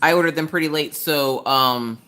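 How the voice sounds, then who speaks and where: Chatty, bright-voiced woman craft streamer. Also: sits low, normal speed. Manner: chatty, exasperated rants, rhetorical questions. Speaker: craft livestream host. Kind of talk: casual chat with live viewers. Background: chewing ice between sentences.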